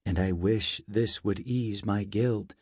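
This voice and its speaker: Slow, measured male audiobook narrator. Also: on the low side, fairly even intonation, a little mellow, husky, dry recording, clean studio sound. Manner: measured, unhurried storytelling. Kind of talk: first-person fantasy narration.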